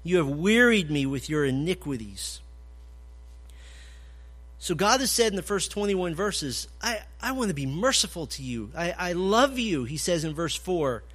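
Emphatic high-voiced man preaching. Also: very animated, a little slow, husky. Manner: emphatic preacher, rises to loud declarations and drops low. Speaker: pastor. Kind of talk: expository sermon.

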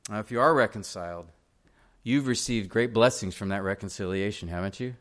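A man's voice: fairly low pitch, a little fast, fairly bright tone. A male pastor preaching a sermon in a church, earnestly pressing direct questions on the congregation.

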